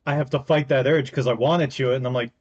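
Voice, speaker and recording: A man co-hosting a podcast in relaxed casual chat, his sentences often trailing off quietly. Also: mid-range voice, fast, lo-fi sound. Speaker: podcast co-host.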